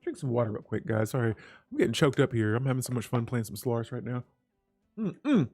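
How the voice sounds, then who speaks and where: A man's voice: medium pitch, very animated, quick pace, darkish tone, dry recording, studio quality, soft background music. A man hosting a strategy game let's play, chatting casually with his viewers as he clicks through menus. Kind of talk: gameplay commentary.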